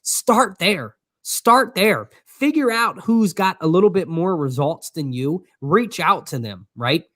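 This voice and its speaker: A man with a somewhat high voice co-hosts a motivational faith talk. He preaches with fervent energy, circling back and repeating his phrases as he goes. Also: animated, slow, hardly any pauses, sharp tone, no room sound, studio quality. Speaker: co-host.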